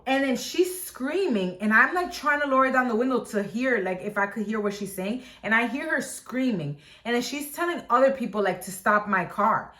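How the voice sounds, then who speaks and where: A woman vlogger telling a story in a casual, animated way, filling it with "like" and acting out quotes. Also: a little high, normal speed, few pauses. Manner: animated, lots of "like", acts out quotes. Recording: echoey room.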